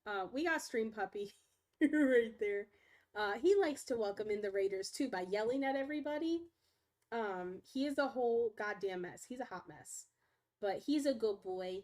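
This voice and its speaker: Young woman, high voice, casual chatty streamer at home, slips into baby talk. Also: animated, moderate pace, a little mellow. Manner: chatty, talks baby talk to her dogs. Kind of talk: casual live-stream chat.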